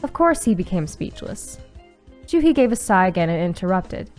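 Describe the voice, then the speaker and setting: A young woman reading a visual novel aloud and reacting with sudden excited squeals and swearing. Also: medium pitch, normal speed, soft background music. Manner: reads story text aloud, breaks into excited squeals and swearing. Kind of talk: casual playthrough narration with reactions.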